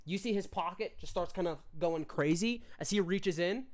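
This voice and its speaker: A man's voice: high-pitched, moderate pace. Rambling male game master. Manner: rambling, many fillers and restarts. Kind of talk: narrating a tabletop game.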